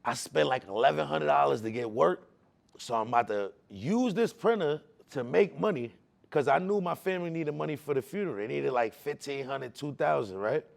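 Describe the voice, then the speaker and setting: A man telling his personal faith testimony in casual slang, emotional, repeating words for emphasis, swinging between hushed and loud. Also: fairly high pitch, lively intonation, moderate pace, creaky. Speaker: testimony speaker.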